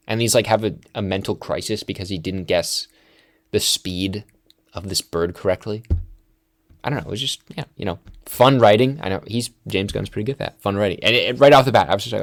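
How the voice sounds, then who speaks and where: A man's voice: on the low side, brisk, vocal fry. A man hosting a film review show, retelling scenes in a rambling, chatty way and acting out quotes. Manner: chatty with frequent "like" fillers. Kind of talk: casual film discussion.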